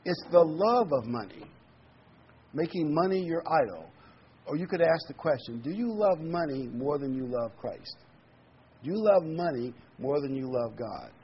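A man preaching a sermon, talking conversationally and slowing down to read scripture with emphasis. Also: a little high, sing-song, husky. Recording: dull lo-fi recording with faint noise.

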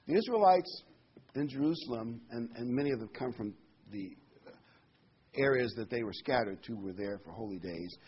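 A man leading a Bible study with a husky voice, reading scripture aloud and explaining it in casual asides. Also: mid-range voice, lively intonation, normal speed. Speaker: Bible teacher. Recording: dull lo-fi recording.

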